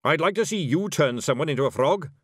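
Pompous dwarf shopkeeper, read by a man: loud, lofty, indignant, higher than the narration. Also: animated, quick pace, husky, dry recording, studio quality.

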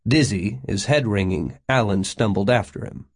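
A man narrating an audiobook in a steady, measured way. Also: on the low side, slightly rough. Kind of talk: audiobook reading.

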